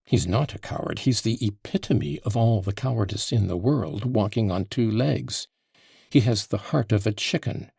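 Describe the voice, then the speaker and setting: A man's voice: on the low side, normal speed, vocal fry, warm tone, breathy edge, dry recording, clean studio sound. A man voicing an agitated, passionate accused man in an audiobook, with heated, emphatic outbursts. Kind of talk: audiobook character voice.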